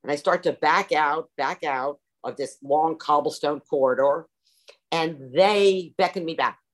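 Over a video call, a woman shares her recovery story at a meeting, theatrical and self-mocking in tone. Her voice is low-pitched and a little slow.

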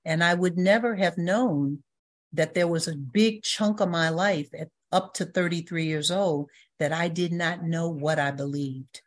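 Older woman with a low, grounded voice, sharing her recovery testimony as a lively storyteller. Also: measured pace. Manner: storytelling, acts out quoted voices, laughs. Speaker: recovery meeting speaker. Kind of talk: personal testimony talk.

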